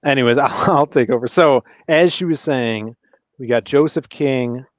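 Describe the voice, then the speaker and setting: A man hosting a casual livestream, chatting with guests and plugging links to viewers in a relaxed way. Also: medium pitch, normal speed, no room sound. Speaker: livestream host. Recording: dull, dry lo-fi mic sound.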